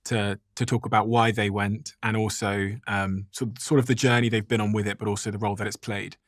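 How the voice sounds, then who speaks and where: Male podcast host, quick, low voice, dry mic. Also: little pitch movement, no echo. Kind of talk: casual conversation.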